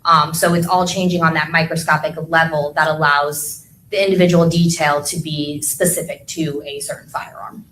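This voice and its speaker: Woman witness, courtroom testimony, patient explanations, filler ums, slightly low voice. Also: steady tone, moderate pace, fairly bright tone, a little hiss or hum, poor audio. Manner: explains patiently with everyday analogies, frequent ums. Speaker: firearms examiner testifying as expert witness.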